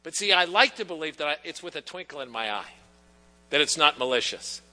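A man preaching a sermon in a conversational, teasing way, his voice high and strikingly bright. The church gives it a long, ringing reverb. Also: animated, a little fast. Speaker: pastor. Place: church sanctuary.

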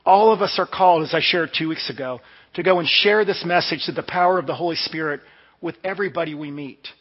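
This Washington DC-area pastor talks fast in a voice on the high side, preaching through stories in a conversational manner. The sound is dull and washed in long hall reverb.

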